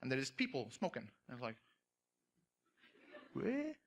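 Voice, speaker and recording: A man on stage at a convention auditorium, telling a comic anecdote to an audience with animated storytelling, acting out voices and laughing. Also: mid-range voice, fast talker. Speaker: convention panel speaker.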